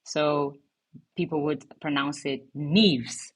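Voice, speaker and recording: Low, husky-voiced Cape Verdean-born woman. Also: normal speed. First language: Cape Verdean Creole. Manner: animated storyteller acting out quoted voices. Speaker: podcast co-founder and host. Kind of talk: casual podcast chat.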